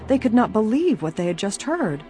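A woman narrating an audiobook in a steady, even storytelling manner. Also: a little high, a little fast, soft background music. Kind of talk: scripted narration.

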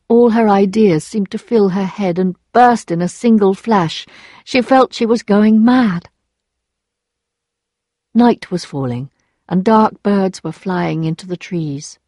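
A woman narrates an audiobook in a steady, measured storytelling voice of medium pitch. The recording is dry and studio quality.

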